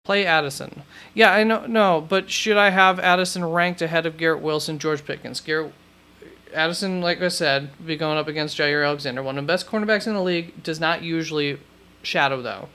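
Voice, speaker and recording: A man's voice: fairly high pitch, bright, forceful tone. A man hosting a live stream, chatting casually and thinking aloud as he answers questions, often correcting himself mid-thought. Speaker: fantasy football host.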